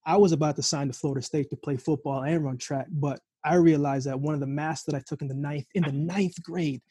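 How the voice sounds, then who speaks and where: A man's voice: a little high, fairly quick, husky, dry recording. A man hosting a casual conversation, telling stories full of quoted back-and-forth. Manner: storytelling with lots of quoted dialogue; animated storytelling. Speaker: podcast host.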